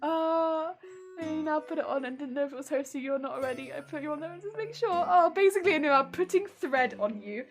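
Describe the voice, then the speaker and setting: A woman's voice: sits high, quick pace, soft background music. A British woman chatting casually with her live-stream viewers while she crafts, often breaking into laughter. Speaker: cosplay streamer.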